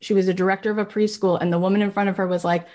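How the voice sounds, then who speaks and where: A middle-aged woman speaks as a podcast host, telling motivational stories from her own career. She tells them in an animated way, slipping into other people's voices for their lines. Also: medium pitch, rapid-fire. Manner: animated storyteller, acts out quoted voices. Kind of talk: motivational talk.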